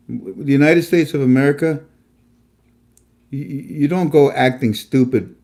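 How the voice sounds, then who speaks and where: On his casual live-stream monologue show, the host lectures with emphasis and a preachy tone, frequently stammering and saying things twice. His voice is mellow and mid-range.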